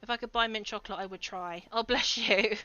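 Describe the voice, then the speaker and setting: A woman's voice: medium pitch, steady tone, brisk, highs cut off, a crowd in the background. A woman streaming a game, chatting casually with her viewers and laughing often. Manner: giggly, chatty, talks to chat. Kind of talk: casual livestream commentary.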